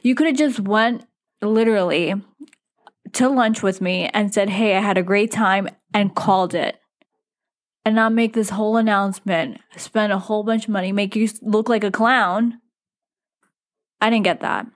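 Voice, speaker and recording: A woman's voice: medium pitch, normal speed. Chatty woman host telling a dating story. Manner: chatty, frequent "like" fillers, quotes others in animated asides. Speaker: podcast host. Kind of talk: casual storytelling.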